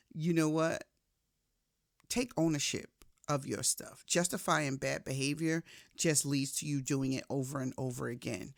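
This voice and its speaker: A woman giving a faith-based motivational talk in a casual, conversational way, shifting from soft reflection to emphatic storytelling. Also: low voice, gravelly, no room sound, clean studio sound. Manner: casual, conversational, addresses listener directly. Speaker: motivational speaker.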